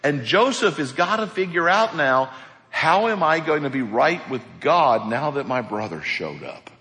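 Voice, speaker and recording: A man preaching a sermon as pastor, animated, acting out the people in his stories. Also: fairly high pitch, unhurried, big-room sound.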